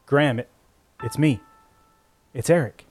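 A man's voice: mid-range voice, measured pace, soft background music, close to an everyday voice. A man playing a grieving, volatile young man. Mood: tender. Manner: strained, breaking into anguished shouts.

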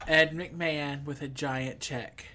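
A woman's voice: low-pitched, fairly even intonation, takes it slowly, pushed and bright. A woman co-hosting a casual podcast who works as a teacher, reacting with dry, wisecracking quips. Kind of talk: casual chat.

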